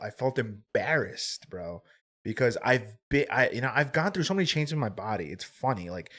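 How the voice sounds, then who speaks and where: A man's voice: mid-range voice, very animated, normal speed, fairly bright tone. A man in his twenties telling a personal story on a podcast, candid and rambling, swearing freely and filling his talk with "like" and "right?". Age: 20s. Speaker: podcast guest. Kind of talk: casual storytelling.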